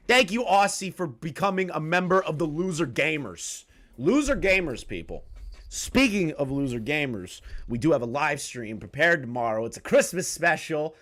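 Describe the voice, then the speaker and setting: A man's voice: a little high, big pitch swings, normal speed, fairly bright tone. Swearing, incredulous young man ranting. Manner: incredulous ranting, swears a lot, laughs often. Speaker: streamer reacting to a clip. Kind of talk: profane reaction commentary.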